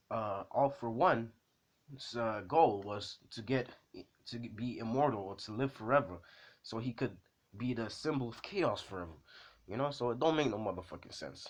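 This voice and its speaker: Young man rambling through a profane storytime. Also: medium pitch. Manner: profane, rambling, self-deprecating slang. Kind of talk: casual storytime retelling. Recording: dull, dry close recording.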